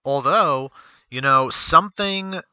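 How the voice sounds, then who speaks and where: A man streams casual commentary while reviewing stocks from a desk at home. His voice is on the high side, very bright, smooth, and clean, and the sound is dry, close, and free of echo. Taking it slowly, he rambles, reads aloud, talks to himself, and often stops to correct a word.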